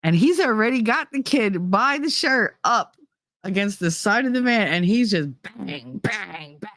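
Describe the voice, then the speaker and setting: A woman host chats through stories on her stream in a loose, rambling way, leaning on "you know" and "like" and laughing between thoughts. Her voice sits at an ordinary middle pitch for a woman. It comes across close and dry, with no room sound around it. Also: animated, measured pace, fairly bright tone, dry recording. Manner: breaks into laughter while telling stories. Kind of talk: casual storytelling chat on a livestream.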